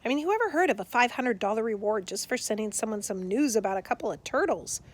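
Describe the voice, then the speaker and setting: A woman's voice: fairly high pitch, expressive, fast talker. A woman reading the part of a thoughtful, skeptical young girl in an audiobook, asking doubtful questions.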